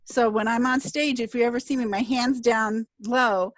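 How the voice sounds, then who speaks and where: A woman's voice: on the high side, fairly even intonation, moderate pace, no echo. A middle-aged woman speaking in an earnest, emotional way as she hosts a casual interview. Her voice is plain and close, with a very dry sound and no room around it. She tells her story openly. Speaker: podcast host and speaker.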